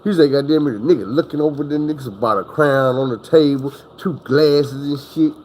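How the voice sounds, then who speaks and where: A man's voice: mid-range voice, a little fast, a little mellow, slight background noise, rough recording. A man telling a story in a casual, rambling, profane way, acting out the people he quotes.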